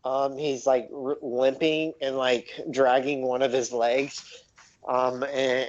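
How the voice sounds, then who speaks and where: Halting young male game master. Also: medium pitch, level tone. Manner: halting, many ums and likes. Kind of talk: narrating a tabletop game. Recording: dull lo-fi audio.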